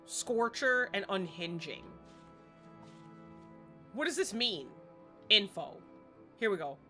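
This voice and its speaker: A woman's voice: medium pitch, animated, takes it slowly, bright, forceful tone, soft background music. A woman livestreaming a game at home, chatty and self-deprecating in casual gameplay commentary.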